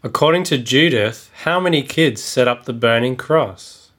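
A man's voice: mid-range voice, normal speed, a bit bright. A man co-hosting a podcast, answering and asking quiz questions in a dry, joking, casual way. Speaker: podcast co-host.

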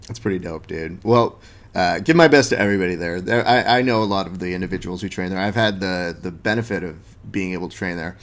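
A young podcast host with a deep voice talks at a quick pace in a casual interview chat. He's laid-back and slangy, saying "dude" a lot and telling stories.

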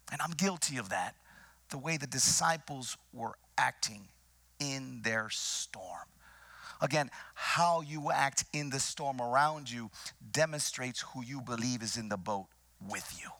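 A man preaching a sermon with dramatic, deliberate delivery, repeating phrases and dropping into whispers for emphasis. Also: mid-range voice, creaky, bright, forceful tone. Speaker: pastor.

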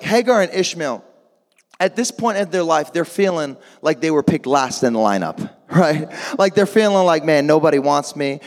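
A male preacher giving a lively sermon, urging the crowd to answer back, with jokey asides and sudden shouts. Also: fairly high pitch. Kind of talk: lively sermon with call-and-response. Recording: long echo of a large hall.

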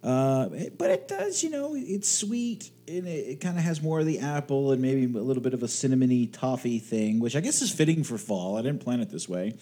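A man talking casually as a podcast co-host from his home studio. His voice is warm and mellow at an ordinary pitch. He jokes around, swears now and then and chuckles often. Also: a little fast, hardly any pauses. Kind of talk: casual chat.

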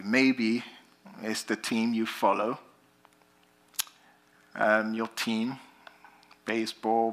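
Bright-voiced British man preaching. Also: on the low side. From Britain. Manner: animated storytelling, rising to emphatic lines then dropping soft. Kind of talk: sermon.

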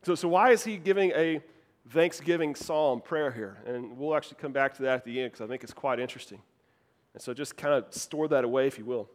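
A man preaching a sermon, getting animated and emphatic, repeating key phrases as he builds up his points. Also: mid-range voice, brisk. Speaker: pastor.

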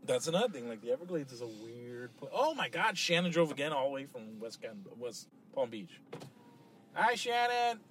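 Excitable man joking in a car. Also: mid-range voice, slight background noise. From Miami. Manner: excitable, quick to joke and laugh. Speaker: podcast host. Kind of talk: casual banter in a car. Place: inside a small car.

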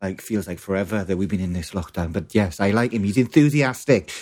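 A man co-hosting a podcast, asking questions in a halting, jokey way. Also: lowish voice, darkish tone. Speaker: podcast co-host. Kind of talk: casual podcast chat.

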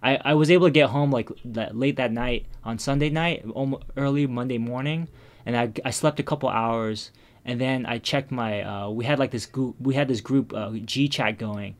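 A man's voice: mid-range voice, moderate pace. Hesitant man telling a personal story. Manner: hesitant, many restarts and fillers, trailing off quietly.

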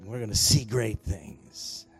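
A man preaching a sermon as pastor in a church, emphatic and swinging between quiet and loud exhortation, urging the congregation to respond. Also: fairly low pitch, animated, slow pace, gravelly, husky, faint music behind. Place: church sanctuary.

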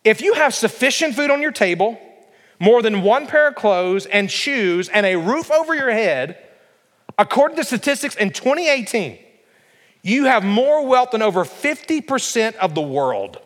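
High-pitched guy preaching, emphatic, lots of questions to the crowd, big hall reverb. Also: sing-song, moderate pace, fairly bright tone. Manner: emphatic, addresses congregation with rhetorical questions. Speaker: pastor. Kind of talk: sermon. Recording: long reverb of a large hall.

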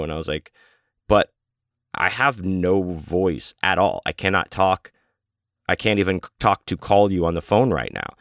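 A man with a very low, smooth and resonant voice talks in a loose, rambling monologue, cutting himself off and swearing as he goes. The sound is dry and close, with no room around him. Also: lively intonation, a little slow, fairly bright tone, no echo. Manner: rambling, profane, self-interrupting. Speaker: podcast host and author. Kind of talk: casual storytelling monologue.

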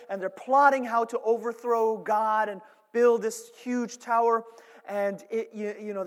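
A man preaching a sermon as a pastor, telling stories animatedly and swinging between hushed asides and loud, emphatic points. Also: sits high. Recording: long hall reverb.

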